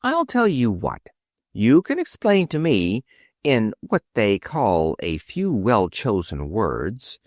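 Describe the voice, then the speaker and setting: A man voicing a brisk, sharp-tongued businesswoman in an audiobook reading. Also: mid-range voice, no echo, clean studio sound. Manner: crisp, impatient.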